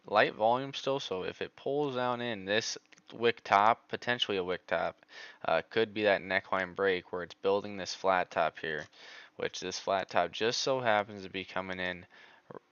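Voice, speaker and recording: A man's voice: on the low side, moderate pace, clear, resonant tone, dry recording, highs cut off. Man giving live chart commentary. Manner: excitable, groans over missed trades. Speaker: stock trading streamer.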